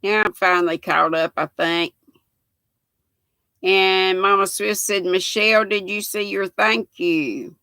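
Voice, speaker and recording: A woman's voice: medium pitch, slow, pushed and bright, no echo. An older woman from North Carolina with a North Carolina Southern accent, chatting folksily on a crochet livestream and greeting viewers by name. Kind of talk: casual livestream chat reading comments.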